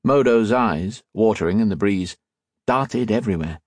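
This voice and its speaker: Husky low-voiced male narrator. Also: normal speed, dry recording. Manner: expressive storytelling. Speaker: audiobook narrator. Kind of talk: scripted narration.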